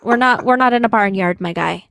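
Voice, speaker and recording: A woman's voice: medium pitch, fairly quick, vocal fry, a bit bright, dry recording, clean studio sound. A woman hosting a political debate on a live stream, blunt and teasing as she scolds guests and thanks viewers. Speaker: livestream host.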